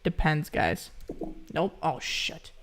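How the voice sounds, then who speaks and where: A man's voice: a little high, big pitch swings, takes it slowly, fairly bright tone. A young man from Ukraine hosting a casual live stream, chatting loosely as he reads viewers' questions aloud and keeps calling them guys.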